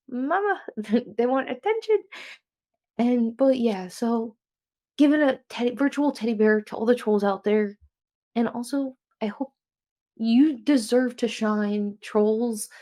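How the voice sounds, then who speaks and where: A woman's voice: fairly high pitch, darkish tone. A young woman with a New Jersey accent, hosting a casual self-help podcast in a rambling, chatty way that often corrects itself. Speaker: podcast host.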